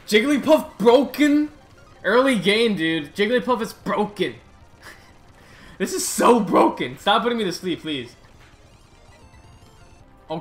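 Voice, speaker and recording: Excitable young-sounding guy gaming. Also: fairly high pitch. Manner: excitable, rambling, swears and groans at the game. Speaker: gaming channel host. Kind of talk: casual gameplay commentary.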